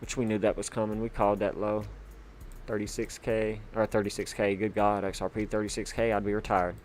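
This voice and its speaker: A man hosting a casual livestream, chatty and excitable, with lots of fillers, shout-outs and sudden bursts of hype. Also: lowish voice, fairly quick, slight background noise. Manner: hyped, chatty, full of fillers. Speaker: livestream host.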